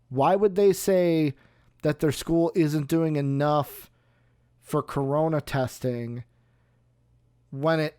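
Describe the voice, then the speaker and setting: A man's voice: on the high side, a little mellow. A young man hosting a casual sports talk stream, speaking hesitantly with many fillers. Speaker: host.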